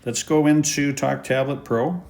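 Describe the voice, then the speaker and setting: A man's voice: medium pitch, fairly even intonation, unhurried, gravelly, darkish tone. A man giving an easygoing, step-by-step app tutorial. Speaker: app presenter. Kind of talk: screen-recorded app tutorial.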